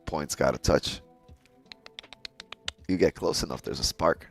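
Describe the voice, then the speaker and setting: With a rumbling low voice and vocal fry, this day-trading livestream host takes his time as he talks. Faint music plays while he shoots the breeze with his viewers, laughing often and cursing without restraint.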